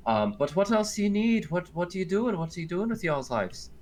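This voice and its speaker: Gm putting on a chatty scottish-accent cook lady, motherly, teasing, pitch jumps all over, bit of hiss behind. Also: very animated, fairly quick, a little mellow, natural voice. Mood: joking. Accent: put-on Scottish. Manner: chatty, teasing, many fillers and self-corrections. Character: motherly middle-aged woman cook, joking and chatty. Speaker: game master. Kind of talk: tabletop role-play.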